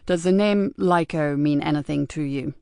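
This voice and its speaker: A woman doing a quiet, probing male sergeant. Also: sits low, normal speed, creaky, smooth, dry recording, studio quality, voice pushed down.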